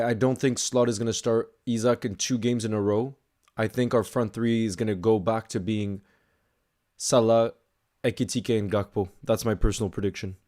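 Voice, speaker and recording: A young man at a mid pitch, talking loosely through a live match stream while he answers viewer messages. He stays casual and chatty, then breaks into excited shouts when something big happens. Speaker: football streamer reacting live. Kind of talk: casual live watch-along chat, reading viewer messages.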